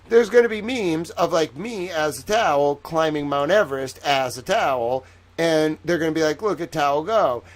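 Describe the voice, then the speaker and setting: A tired young man hosting a late-night live stream, rambling playfully and chatting with viewers by name. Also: a little high.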